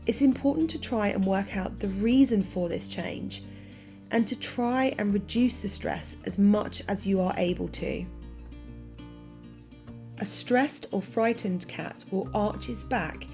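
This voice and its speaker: A woman reading a scripted narration for a pet-care lesson, clear and informative. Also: medium pitch, a little mellow.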